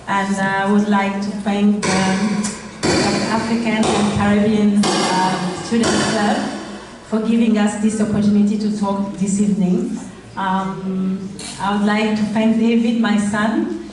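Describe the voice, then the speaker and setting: A middle-aged woman from Rwanda with a French accent, giving a halting speech as a charity founder at a gala. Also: mid-range voice, steady tone, music in the background. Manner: halting, with many fillers. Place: event hall. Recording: roomy hall audio from far off.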